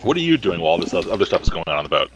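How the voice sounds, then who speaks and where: A man narrating as game master for a tabletop game, relaxed and hesitant with many ums. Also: low-pitched, very fast, noisy background.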